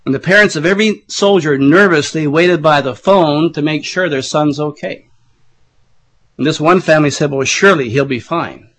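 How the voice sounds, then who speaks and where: A middle-aged man preaching a sermon while losing his voice, often clearing his throat, with chatty asides to the congregation. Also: a little high, fairly bright tone, poor audio. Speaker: pastor.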